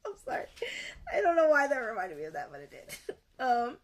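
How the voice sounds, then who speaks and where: Animated young woman reacting to a book. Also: a little high, a little fast. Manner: animated, exclaims and repeats herself. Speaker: streamer. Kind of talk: reading a book aloud and reacting.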